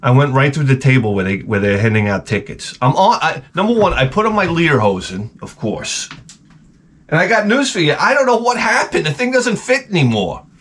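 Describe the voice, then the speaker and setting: A man telling a comedic rant in a lively, swearing storytelling manner, in a garage workshop. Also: fairly high pitch, a little fast. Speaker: video host.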